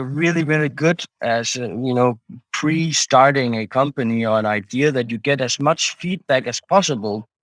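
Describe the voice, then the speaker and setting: A man's voice: medium pitch, no room sound, poor audio. A man talking as an interview guest, a startup founder, hesitant, with many restarts and fillers. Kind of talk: casual interview talk.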